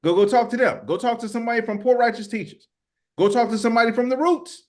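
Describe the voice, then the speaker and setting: A man's voice: very high-pitched, fast, darkish tone. Fired-up man ranting on a podcast. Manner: angry, profane, repeats words when worked up. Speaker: podcast co-host. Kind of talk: heated political commentary.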